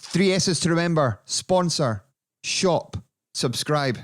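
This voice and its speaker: A man's voice: fairly high pitch, lively intonation, takes it slowly. A man co-hosting a casual podcast, chatty and jokey as he plugs the show. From Scotland. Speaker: podcast co-host.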